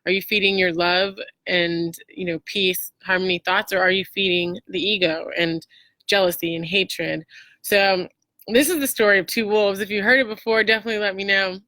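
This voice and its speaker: Woman doing a chatty motivational livestream, bright voice, dry close sound, lots of ums. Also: mid-range voice, fairly even intonation, normal speed, no echo. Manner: chatty, many fillers and restarts. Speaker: host. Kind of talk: casual motivational talk.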